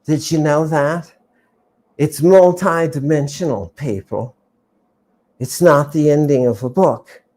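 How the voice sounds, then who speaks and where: Speaking slowly in a low voice, a woman lectures her chat audience over a livestream. She plays it theatrically, repeating important words and alternating between exclamations and soft asides.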